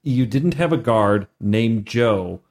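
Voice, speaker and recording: A man's voice: mid-range voice, lively intonation, takes it slowly, a little mellow. A man who is a player in a tabletop game, chiming in eagerly with jokes during a casual podcast chat. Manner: eager, jokey, chimes in.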